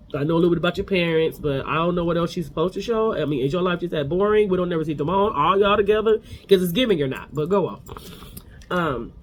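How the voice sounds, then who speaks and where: A man recapping reality TV in a casual, animated, gossipy way, acting out what people said. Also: fairly high pitch, slight background noise. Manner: animated, gossipy, acts out quotes. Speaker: recap host.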